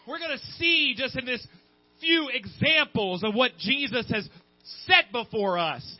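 High-voiced fervent male preacher. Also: no echo. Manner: fervent, repetitive, calls out "Amen". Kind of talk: sermon. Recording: dull, muffled sermon recording.

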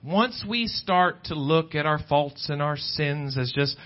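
A man preaching a sermon at a church service, talking conversationally and climbing in pitch when he stresses a point. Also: very animated, a little slow, hardly any pauses. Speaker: pastor. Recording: dull lo-fi church recording with faint guitar.

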